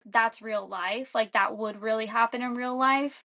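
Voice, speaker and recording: A young woman co-hosting a podcast retells a film in loose, rambling casual chat, saying "like" throughout. Her voice is on the high side, steady, and sharp, at a measured pace.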